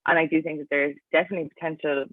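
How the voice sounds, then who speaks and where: A woman's voice: low voice, fairly even intonation, rapid-fire, no room sound. A young Irish woman in her twenties, an athlete guest chatting casually in an interview and dropping "like" into nearly every phrase. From Ireland. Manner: chatty, fills talk with "like". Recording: tinny, dry, phone-like line.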